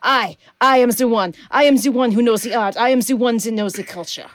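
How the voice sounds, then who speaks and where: A woman's voice: fairly high pitch, a little fast, no echo, natural voice. A woman voicing a sinister, haughty female raccoon art thief in a mock French accent that slides toward Russian, taunting and repeating herself. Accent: mock French drifting to Russian.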